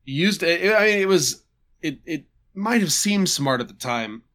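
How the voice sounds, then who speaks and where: A man casually recapping a tabletop game session, halting and restarting with chuckles. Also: on the high side, animated, a bit bright. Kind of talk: casual chat.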